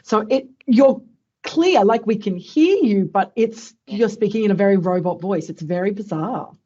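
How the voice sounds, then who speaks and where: A woman co-hosting a casual webinar, friendly and quick to laugh, speaking through a headset on a video call. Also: mid-range voice, mellow, slightly rough. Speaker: co-host. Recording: dull, lo-fi video-call audio.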